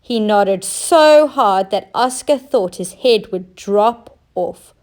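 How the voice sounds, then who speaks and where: A woman teacher reading a children's storybook aloud, with clear, expressive storytelling. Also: medium pitch, slow pace.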